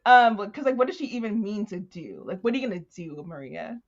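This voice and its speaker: A woman's voice: medium pitch, fast. A woman co-hosting a podcast, chatting casually about a book and animatedly acting out the characters as she retells scenes. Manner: animated, acts out character voices while retelling. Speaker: podcast co-host. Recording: dull lo-fi sound.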